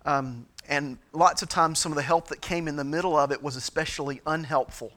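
A middle-aged man as a pastor, giving a sermon-style teaching talk, halting with frequent fillers and restarts. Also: on the high side, fairly even intonation, a bit bright.

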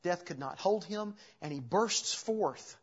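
A man with a slightly high, husky voice preaches an earnest sermon, working through scripture passage by passage. The recording sounds a little dull and lo-fi. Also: expressive, slow pace. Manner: earnest expository preaching, reading scripture aloud. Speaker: pastor.

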